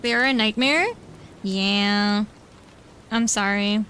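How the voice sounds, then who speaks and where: A young woman vtuber, chatting casually with viewers as she draws in her room at home, breaks off to coo baby talk at her cat. She's bubbly and chatty, though she speaks slowly in a medium-pitched voice with a sharp tone, over slight background noise.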